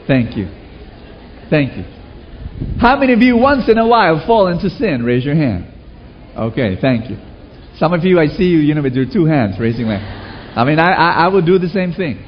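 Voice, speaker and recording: A man's voice: on the high side, moderate pace, long pauses, highs cut off, faint music behind. A male preacher giving a sermon with call-and-response, telling stories and asking the congregation rhetorical questions. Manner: animated storytelling, rhetorical questions.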